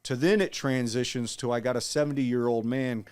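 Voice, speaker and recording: A man in his forties telling his story in an interview, earnest and halting, with frequent restarts. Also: mid-range voice, fairly even intonation, darkish tone, clean tone. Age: 40s. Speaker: guest, Marine veteran.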